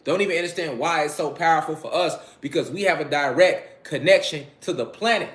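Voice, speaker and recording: A man's voice: on the high side, a little fast, a bit bright, breathy edge. A man giving a casual spiritual lecture, preaching to his listeners, repeating phrases and calling them family. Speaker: spiritual talk host.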